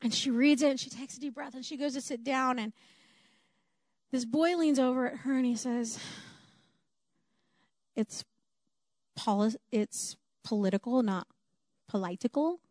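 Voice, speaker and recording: A woman's voice: sits high, fairly even intonation, fairly quick, a little mellow, dry recording, studio quality. A woman preaching a sermon in an earnest, emphatic way, repeating her key phrases for weight.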